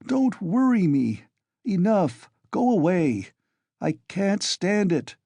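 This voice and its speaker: A man's voice: on the high side, very animated, unhurried, darkish tone, dry recording, voice pushed up, exaggerated voice. A man voicing an irritable, feverish young male student in an audiobook reading. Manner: irritable, insistent.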